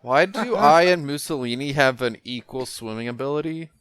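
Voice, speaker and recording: A man's voice: medium pitch, moderate pace, fairly bright tone, clear, resonant tone, no echo. A man co-hosting a podcast, telling blunt, crude jokes and stories. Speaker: podcast co-host. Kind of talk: crude comedic banter.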